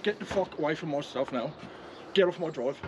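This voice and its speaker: Furious swearing Englishman shouting threats. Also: on the high side, a little fast. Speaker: angry homeowner. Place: outdoors in a front garden. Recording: noisy outdoor ambience.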